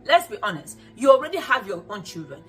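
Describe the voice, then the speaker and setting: A woman's voice: mid-range voice, big pitch swings, brisk, husky, soft background music. A woman hosting a motivational show, talking earnestly to women viewers and repeating phrases for emphasis. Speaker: host of a self-help show.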